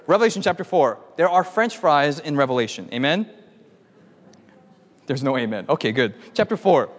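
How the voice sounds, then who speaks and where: A man preaching a lively sermon, telling a playful story and calling on the audience for amens. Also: a little high, big-room sound. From United States.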